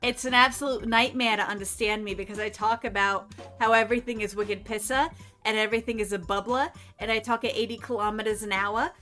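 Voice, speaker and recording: Chatty woman streamer with a bright voice. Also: medium pitch, steady tone, brisk. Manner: rambling, chatty, swears freely. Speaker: gaming streamer. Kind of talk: casual chat while playing. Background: faint game music.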